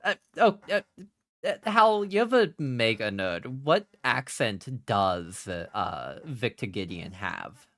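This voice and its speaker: A man with a faded German accent giving excitable, profane live gameplay commentary as a streamer, quick to laugh. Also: medium pitch, no echo, studio quality.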